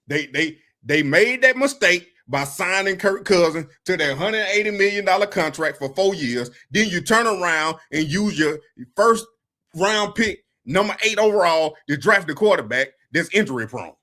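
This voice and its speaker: Male sports ranter, high bright voice, informal and insistent. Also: animated, normal speed. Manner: emphatic, informal, talks straight at the listener. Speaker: football commentator. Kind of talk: casual sports rant.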